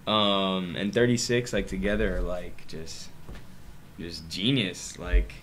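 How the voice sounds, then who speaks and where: A young man in a casual Bible study speaks at a somewhat low pitch, rambling and packing almost every phrase with "like". A faint hiss of noise sits under his voice. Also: steady tone, slow, a bit bright.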